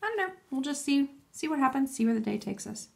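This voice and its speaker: A woman's voice: high voice, expressive, fast, creaky, darkish tone. A woman chatting casually and enthusiastically, thinking aloud as she demonstrates nail stamping. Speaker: nail art vlogger. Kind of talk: casual tutorial chat.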